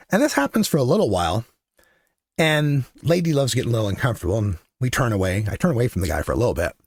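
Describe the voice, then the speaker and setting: An older man hosting his own show, telling a story in a profane, impassioned political monologue that builds to loud shouting. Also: mid-range voice, gravelly, husky, no echo, studio quality. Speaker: show host.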